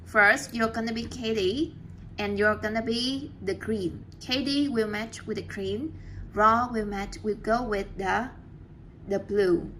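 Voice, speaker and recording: A woman's voice: a little high, a bit bright, slight background noise. A woman teaching an English class, patiently checking answers and praising students often. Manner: slow, patient.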